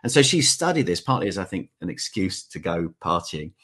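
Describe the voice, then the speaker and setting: A man talking as a podcast guest, telling lively stories and laughing often in a loose, conversational way. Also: deep voice, fairly quick, slightly rough. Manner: animated storyteller, laughs often. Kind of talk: conversational interview.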